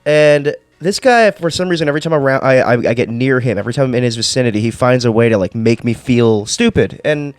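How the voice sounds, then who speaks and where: A man's voice: medium pitch, animated, fast, few pauses, no room sound. A man vlogger telling a work story in a rambling, exasperated rant full of swearing and restarts. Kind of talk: casual ranting storytime.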